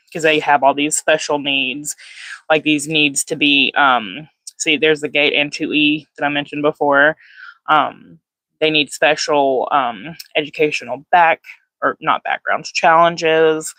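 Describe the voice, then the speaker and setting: A woman's voice: deep voice, a bit bright, no echo. A woman hosting a casual livestream from her phone, rambling with lots of fillers and greeting viewers by name. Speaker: livestream host. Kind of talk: casual live chat.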